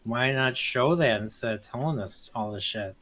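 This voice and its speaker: A man's voice: medium pitch, moderate pace, pushed and bright. A man making bored, mocking comments in a casual watch-party chat.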